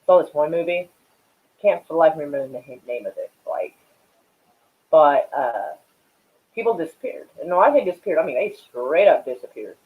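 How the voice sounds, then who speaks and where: A man's voice: on the high side, animated, brisk, long pauses, phone-quality sound. A man hosting a casual live stream and chatting with viewers, rambling and swearing while he smokes. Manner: rambling and profane, many fillers; smoking while talking.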